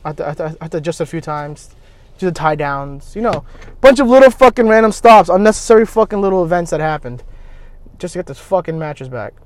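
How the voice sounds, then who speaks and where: A man telling a long profane story with lively put-on voices as he drives. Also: a little high. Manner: profane, rambling, animated retelling with put-on voices. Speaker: vlogger. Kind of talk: casual storytelling while driving. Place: in a car.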